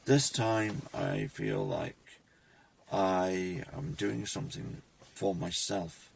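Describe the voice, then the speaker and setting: Slow, gravelly-voiced man. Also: low-pitched, steady tone, slight background noise. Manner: reflective, halting, with many restarts. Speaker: vlogger. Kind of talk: rambling personal vlog. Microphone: phone camera.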